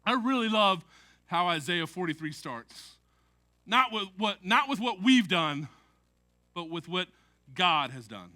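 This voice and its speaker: A man preaches with a high and very bright, sharp voice. He keeps it chatty, mixing jokes into the sermon and often tossing a "right?" to the listeners. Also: big pitch swings, a little slow, long pauses. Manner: conversational preaching with jokes and frequent "right?" asides. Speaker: pastor.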